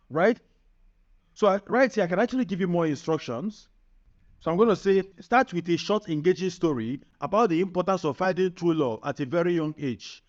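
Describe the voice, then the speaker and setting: A man presenting a screen-recorded software tutorial, upbeat and chatty, often checking in with the viewer. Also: high voice. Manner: upbeat, chatty, keeps asking "right?". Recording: muffled lo-fi sound.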